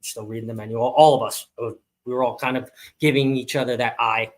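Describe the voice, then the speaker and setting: Male co-host, casual storyteller, animated, mid-pitch. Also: fairly quick. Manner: animated storyteller, acts out quotes in a high voice. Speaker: podcast co-host.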